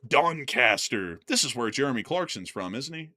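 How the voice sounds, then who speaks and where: A bright-voiced American man in loose, rambling conversation. His pitch swings widely as he talks. He fills his sentences with "like" and "man" and laughs between them. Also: lively intonation, moderate pace. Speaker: co-host of a news commentary channel. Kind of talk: casual chat.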